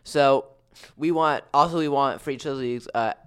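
A man's voice: mid-range voice, normal speed, smooth. A teenage boy co-hosting a casual podcast chat, with dry sarcastic humor. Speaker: co-host.

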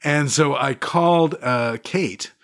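Animated man telling stories. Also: on the high side, takes it slowly. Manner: animated, laughs often, acts out quotes. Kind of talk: conversational storytelling.

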